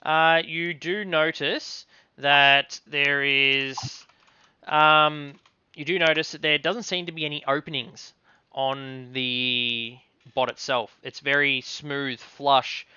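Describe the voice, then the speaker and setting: A man runs a tabletop game in a relaxed voice, his tone very bright and crisp. He narrates haltingly, with many fillers, and the recording sounds dry and a little dull. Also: a little high, dry recording. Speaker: game master.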